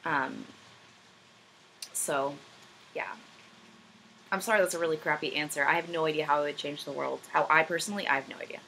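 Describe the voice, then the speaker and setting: A woman's voice: low-pitched, steady tone, a little fast, creaky, long pauses, pushed and bright, slight background noise, poor audio. A young woman vlogger answering viewer questions in casual chat, rambling and self-deprecating, with many ums. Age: young adult. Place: room at home, backlit.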